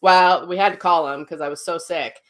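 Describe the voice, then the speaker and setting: A middle-aged woman talks openly to her viewers in a relaxed, rambling way. Her voice sits a little low, and she often stops to correct herself and adds filler words. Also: normal speed. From Minnesota. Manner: candid, rambling, with frequent fillers and self-corrections. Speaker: psychic medium host. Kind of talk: casual personal talk.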